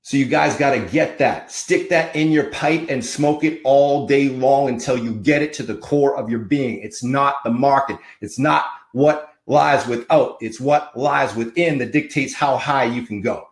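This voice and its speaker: A man's voice: medium pitch, measured pace, few pauses. Fired-up man preaching motivation, roomy echo. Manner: fired-up, emphatic, punchy repetition. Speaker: podcast host. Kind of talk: motivational monologue.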